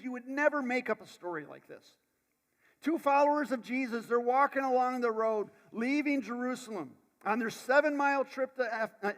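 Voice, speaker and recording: A male pastor preaching a sermon, dramatic, swinging from loud bursts to hushed lines and repeating words as he goes. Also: very high-pitched. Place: church sanctuary. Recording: long church hall reverb.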